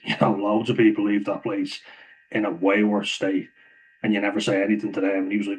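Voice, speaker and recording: A man's voice: on the low side, flat delivery, quick pace, a little hiss or hum, low-quality recording. A man telling a rambling story to camera, swearing freely and laughing often mid-sentence. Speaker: vlogger.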